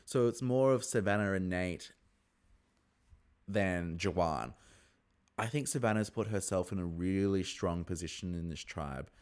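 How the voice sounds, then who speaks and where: A man giving a casual, chatty episode review, acting out the contestants with sudden high-pitched squeals. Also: measured pace, smooth. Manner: chatty, animated, jumps into high squeals when excited. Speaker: reality TV recap host.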